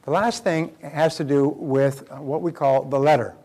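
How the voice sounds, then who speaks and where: A man's voice: a little high, fairly even intonation, normal speed, a little mellow. An older man giving a live motivational seminar lecture, speaking emphatically and putting rhetorical questions to the audience.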